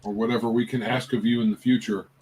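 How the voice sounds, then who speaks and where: A man's voice: medium pitch, flat delivery, fast talker, darkish tone, slight background noise, low-quality recording. A man playing in a tabletop game, speaking casually and asking questions. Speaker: player.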